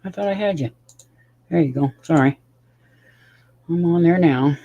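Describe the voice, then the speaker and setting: A man's voice: on the high side, a little slow, mellow, muffled recording. A tired man rambling casually to his livestream chat, swearing often and talking to viewers by name.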